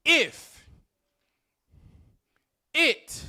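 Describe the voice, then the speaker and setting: A man's voice: drawn-out words, sharp tone. A man giving a rousing motivational speech at a conference, calling out questions to the audience and repeating key phrases. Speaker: conference speaker. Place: conference venue before a live audience.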